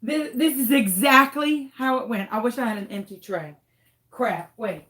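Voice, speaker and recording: A woman's voice: on the high side, normal speed, bright, forceful tone. A woman telling a story to camera in a dramatic, exasperated way. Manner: dramatic, exasperated, swings into shrieks. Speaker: crafting channel host.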